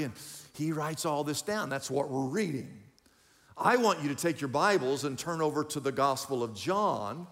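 A man with a slightly high voice preaches in a big-sounding room, speaking as pastor directly to the congregation. He's animated, quizzing listeners, calling out to them and telling them to write things down.

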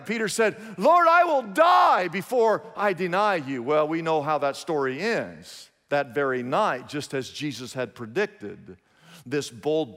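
A man's voice: a little high, a bit bright, in a large hall. A man preaching a sermon, telling a story emphatically with lots of repetition.

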